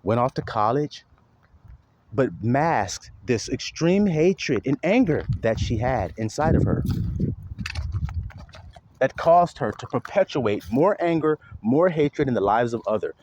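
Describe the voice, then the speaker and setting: Animated, preachy man with a lively voice. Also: mid-range voice, a little slow, background noise. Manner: preachy, blunt, swears freely; mocking sarcasm. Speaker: online commentator; father. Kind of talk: impassioned spoken monologue.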